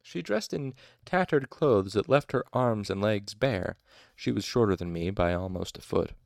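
A man's voice: lowish voice, animated, normal speed, creaky, no echo, clean studio sound. A man reading a novel aloud expressively, with occasional asides and self-corrections. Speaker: audiobook narrator.

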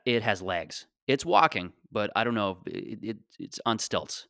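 A man's voice: lowish voice, expressive, fairly quick, few pauses, fairly bright tone, dry recording, clean studio sound. A man in his late twenties hosting a solo podcast, talking casually in a rambling, joking, self-deprecating way. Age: 20s. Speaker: podcast host.

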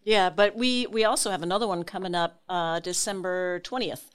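A woman from South Louisiana in her forties with a smooth, clear voice, pitched a little low. She speaks as a guest, informative and easygoing. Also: fairly even intonation, normal speed. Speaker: guest, tree organization director. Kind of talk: casual interview talk.

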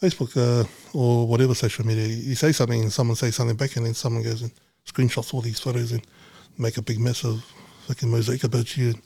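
A blunt man talking off the cuff, swearing as he goes and slipping into quick acted-out bits of dialogue. His voice is mellow and a little husky, recorded close and dry with no room sound. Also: mid-range voice, level tone, no room sound. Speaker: podcast guest, businessman. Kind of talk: casual conversation.

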